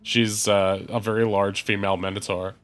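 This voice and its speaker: A man's voice: on the low side, little pitch movement, normal speed, fairly bright tone, faint music behind. A man acting as game master in a tabletop game, narrating loosely with fillers and frequent laughs.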